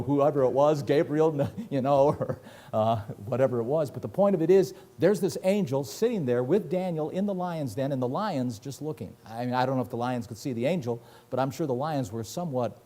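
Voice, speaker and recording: A man's voice: mid-range voice, dark tone. A middle-aged man teaching verse by verse through a Bible passage, reading scripture aloud with dramatic emphasis and laughing often as he explains it.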